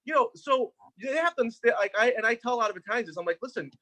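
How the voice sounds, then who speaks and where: Quick new guy hosting a food chat, high voice, tells stories fast. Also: lively intonation, bright, forceful tone. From Long Island, New York. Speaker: host. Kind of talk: casual chat on a video call.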